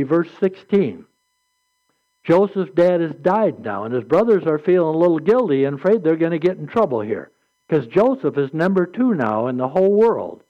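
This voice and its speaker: A man preaching a sermon, retelling scripture stories in an earnest, plainspoken way and reading verses aloud. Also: fairly high pitch. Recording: muffled lo-fi recording.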